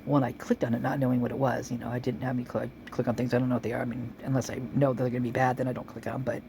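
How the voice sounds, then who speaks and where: Gravelly-voiced woman rambling casually. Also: a bass voice, level tone, racing, dark tone, slight background noise. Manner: chatty, rambling, chewing while talking. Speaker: vlogger reading police reports.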